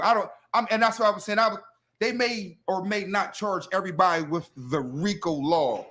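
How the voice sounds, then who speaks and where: A man's voice: sits high, fairly bright tone. A man in casual podcast debate, talking emphatically and profanely as he builds his point.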